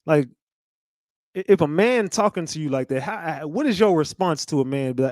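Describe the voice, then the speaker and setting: A man's voice: a little high, lively intonation, normal speed, a little mellow, no room sound, studio quality. A man hosting a reaction stream, talking bluntly in casual slang and calling the listener "fam" and "bro". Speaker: host reacting to clips. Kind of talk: casual commentary.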